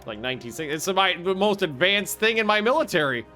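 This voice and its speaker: A man casually commenting on his own strategy game play, excitable, swearing freely and thinking aloud with restarts. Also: sits high, fast, soft background music. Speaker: gaming video host.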